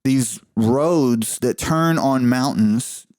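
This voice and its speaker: A man's voice: mid-range voice, extremely slow, darkish tone, no echo. A young man co-hosting a podcast, chatting casually with dry, teasing humor. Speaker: podcast co-host. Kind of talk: casual chat.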